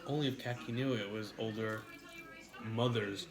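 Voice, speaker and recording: A man's voice: lowish voice, steady tone, moderate pace, rough recording. A man co-hosting a casual eating stream, teasing and joking in easy banter. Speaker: co-host. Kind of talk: casual chat while eating.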